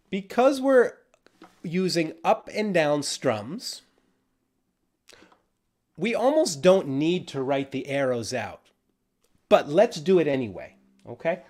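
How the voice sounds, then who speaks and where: A man teaching a ukulele lesson on a livestream, relaxed and encouraging, counting out beats as he explains. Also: fairly high pitch, a little slow. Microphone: livestream camera mic.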